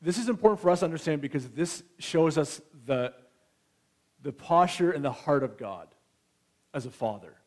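A man's voice: on the high side, expressive, moderate pace. A man in his thirties preaching a sermon in a conversational way, often checking in with his listeners. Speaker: pastor.

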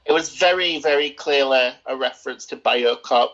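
A man's voice: medium pitch, normal speed, fairly bright tone. A man co-hosting a casual film review podcast, rambling and opinionated, with plenty of hesitations. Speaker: podcast co-host. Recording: dull lo-fi sound.

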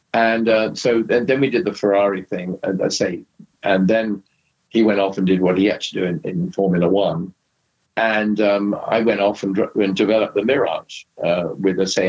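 A man's voice: lowish voice, slightly rough, highs cut off. An older man, a former racing driver, telling rambling anecdotes in an interview with many restarts and asides. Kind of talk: anecdotal storytelling in conversation.

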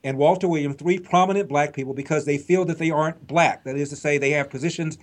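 A man's voice: on the high side, fairly even intonation, fast talker. A man in casual political talk, dry and sardonic, pointing his questions at the host. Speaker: guest.

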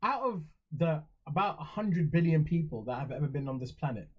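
A man's voice: on the high side, expressive, a little fast, breathy edge, highs cut off. A young English man talking in a reflective, rambling way on a casual podcast, with many fillers and restarts. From England. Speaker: podcast co-host.

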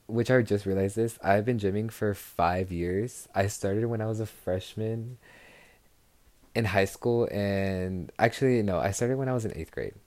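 Young man, chatty, gushing and low. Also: unhurried, a little mellow, no room sound. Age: young adult. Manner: chatty and gushing, full of "like" and "girl". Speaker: podcast host. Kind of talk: casual chat podcast.

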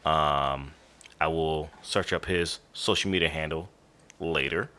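A man co-hosting a casual beer-and-cigar podcast, talking in a relaxed, rambling way with lots of fillers, sounding tired and yawning at times as he reads tasting notes. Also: a bass voice, measured pace. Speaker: podcast co-host.

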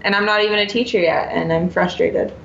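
A woman's voice: mid-range voice, fairly even intonation, fairly quick, creaky, fairly bright tone. A young woman in her twenties chats freely in a talkative, slightly fed-up way. Her voice sounds a little dull and muffled in an echoey room. Faint noise sits under the recording. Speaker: student teacher, guest. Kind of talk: casual chat.

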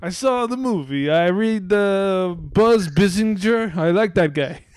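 A blustering, greedy world leader with a mock Russian accent, as a man puts him on for a joke. The voice sits well above the man's normal speech and pushes louder. The impression is deliberately clumsy, and the recording is dry and close. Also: high voice, animated, smooth, no echo, voice pushed up. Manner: clumsy joking impression, laughing.

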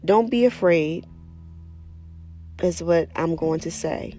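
A woman speaking candidly about her spiritual practice in a casual personal monologue, profane and animated as she tells stories. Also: on the low side, slow pace. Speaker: spiritual vlogger.

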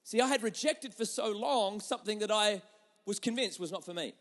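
A young adult man preaching a sermon, telling stories with lively swings between loud and hushed delivery. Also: high voice. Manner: animated storytelling with quick shifts between loud and hushed. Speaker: pastor.

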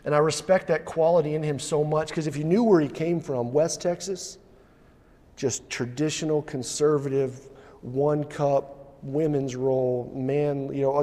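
A man's voice: fairly high pitch, a little mellow. A man preaching a sermon in a church, earnest, building to urgent emphasis, with frequent restarts. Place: church sanctuary. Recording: long hall reverb.

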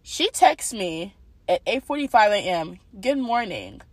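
A young woman telling a personal faith testimony in a casual, animated storytelling way, talking straight to her viewers. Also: medium pitch, unhurried, dry recording. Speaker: testimony speaker.

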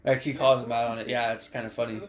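A young man co-hosting a podcast, tossing in quick reactions and mixing up names. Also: mid-range voice, little pitch movement. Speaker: podcast co-host. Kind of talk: casual chat.

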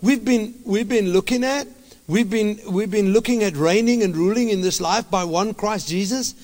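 A man preaching a sermon as a pastor, impassioned and halting, often restarting his phrases. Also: high voice, darkish tone, big-room sound.

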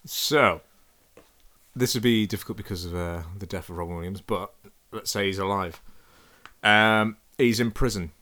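A man on a podcast, pitching a silly movie idea in a laid-back, rambling way. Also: normal speed, pushed and bright. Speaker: podcast co-host. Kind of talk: casual comedic chat.

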